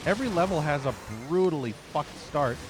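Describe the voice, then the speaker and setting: A man's voice: on the high side, lively intonation, a little fast. A man streaming a shooter game, giving live commentary with frequent profane, frustrated rants. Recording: game music and gunfire behind.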